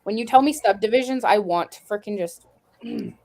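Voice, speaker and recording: A woman's voice: medium pitch, fairly quick, darkish tone, a little hiss or hum. A woman on a casual live video panel, ranting bluntly with lots of swearing and laughter. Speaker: panel guest.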